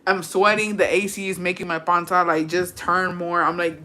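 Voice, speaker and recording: Here a woman speaks in a lowish voice at a moderate pace, pausing little. She's livestreaming, going through viewer comments and spinning animated stories in casual chat, cursing freely, acting brash, and mixing English with Spanish.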